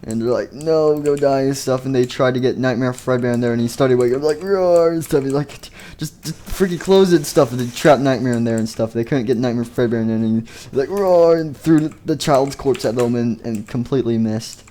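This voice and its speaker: A man narrates a game machinima story off the cuff, rambling through the plot and leaning on fillers like "and stuff". His voice sits at an ordinary pitch with a mellow, soft tone. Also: fairly even intonation, fairly quick, few pauses, slight background noise. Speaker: video creator.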